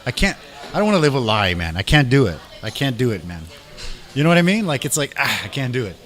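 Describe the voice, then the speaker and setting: A man talking as a guest in a casual chat, a lively storyteller who acts out dialogue and drops in "man" and "dude". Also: medium pitch, fast, faint music behind. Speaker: guest musician and restaurant owner.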